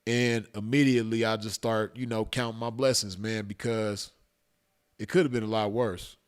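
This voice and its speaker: A man's voice: fairly low pitch, steady tone, moderate pace, clean tone. A man casually telling a personal story to his viewers, slangy and cursing freely, laughing at his own tale. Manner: laid-back, slangy, cursing, breaks into laughter.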